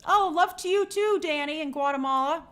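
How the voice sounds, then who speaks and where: A woman's voice: high-pitched, a little fast, fairly bright tone. A woman hosting a live stream, chatting casually and greeting viewers by name in an upbeat, friendly way.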